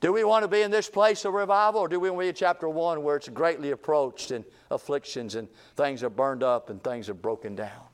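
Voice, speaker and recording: A man preaching a revival sermon, repeating phrases and swinging from booming calls to hushed, low lines. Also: brisk, few pauses.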